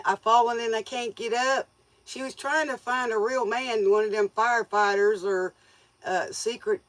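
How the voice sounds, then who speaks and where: A woman's voice: mid-range voice, dry recording. Woman, tarot stream host, folksy, joking, laughs a lot, dry close sound. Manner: scolds viewers playfully. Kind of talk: casual livestream chat with viewers.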